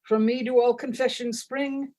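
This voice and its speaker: A woman's voice: a little high, steady tone, normal speed, darkish tone, voice pushed up, lightly acted. A woman reading as a pompous chocolate goddess. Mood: mock-solemn. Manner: mock-solemn, scriptural cadence. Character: grandiose mock-solemn chocolate goddess. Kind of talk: reading a humorous parody text aloud.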